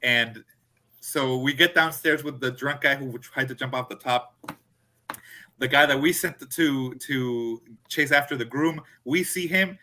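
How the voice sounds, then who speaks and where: Man, casual storytelling, animated, bright tone, acts out quotes. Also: medium pitch, a little slow, slight background noise. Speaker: podcast co-host.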